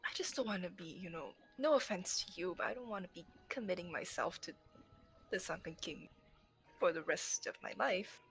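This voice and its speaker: A woman's voice: fairly low pitch, moderate pace, a bit bright. A female player in a tabletop game, speaking in a playful, joking way. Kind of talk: tabletop role-play.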